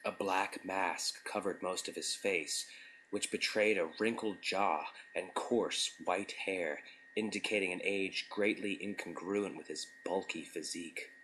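A man narrating a scripted story in a measured, deliberate storytelling manner. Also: low-pitched, bright, forceful tone, a little hiss or hum, rough recording.

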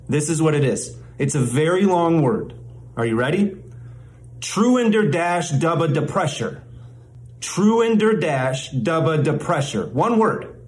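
A man presenting a comedy bit as a mock language lesson, drilling words slowly and repeating them like a teacher. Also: a little high, a little mellow.

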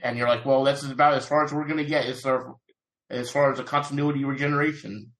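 A man on a fan podcast panel, chatting casually in a measured, hesitant way. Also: mid-range voice, fairly even intonation, fairly bright tone, low-quality recording.

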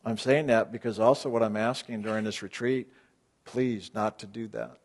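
Addressing retreat participants, a man with a lowish voice talks at normal speed with fairly even intonation. As the spiritual group's leader he speaks bluntly, lobbing rhetorical questions and bursting into sudden emphasis.

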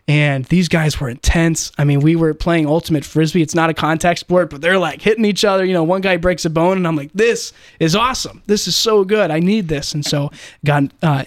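A man in his twenties tells a personal story as a guest, speaking earnestly and casually with lots of "uh" fillers. His voice sits a little high for a man. The sound is dry and close, with no room echo. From United States. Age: 20s. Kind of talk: personal faith testimony in casual conversation.

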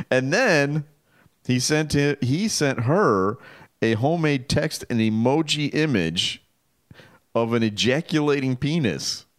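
A man co-hosting a radio talk show in casual banter, animated and laughing often as he reads items aloud. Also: mid-range voice, takes it slowly, dry recording, studio quality.

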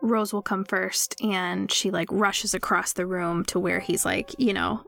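A woman playing a tabletop game who thinks out loud as she describes her moves. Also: medium pitch, steady tone, a little slow, vocal fry, faint music behind. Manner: thinking aloud, lots of "like" and "you know". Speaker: player. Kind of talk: casual tabletop play.

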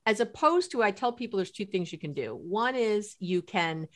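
This medium-pitched woman talks at a moderate pace. She's a middle-aged couples therapist from New York City, and in a podcast conversation she spins lively stories, performing the quotes of the people involved.

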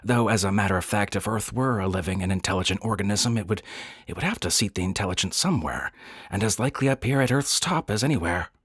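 Man reading as a reflective geologist with quick, musing speech, husky low voice. Pulp story figure. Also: animated, dry recording, clean studio sound. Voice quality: musing, reasoned. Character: thoughtful, speculative male geologist.

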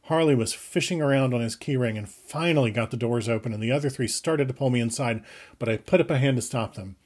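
A man reading first-person fiction aloud with brisk, urgent delivery that speeds up and slows down. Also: mid-range voice, a little mellow. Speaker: audiobook reader.

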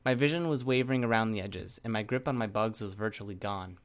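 A man reading a first-person story aloud in a steady, measured narration. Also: on the low side. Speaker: audiobook narrator.

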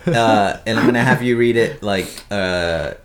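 A man's voice: lowish voice, measured pace. Laid-back man, crowd chatter behind. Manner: relaxed storyteller, swears casually. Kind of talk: casual podcast chat.

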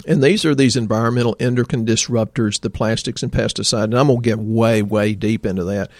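A man's voice: medium pitch, fairly quick, dry recording, studio quality. A man hosting a health podcast, telling stories in a folksy way and talking straight to his listeners. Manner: folksy storyteller, addresses listeners directly. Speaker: podcast host and health practitioner.

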